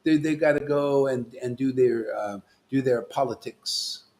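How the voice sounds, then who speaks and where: Speaking as a spiritual master, a man gives a devotional sermon in a scolding, emphatic tone, moving between loud declarations and hushed asides. His voice is medium in pitch and his pace is measured.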